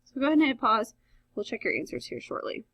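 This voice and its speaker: A woman's voice: fairly high pitch, sing-song, quick pace, fairly bright tone, no echo. A woman Spanish teacher talking students through a recorded grammar lesson, explaining step by step with frequent "um" fillers.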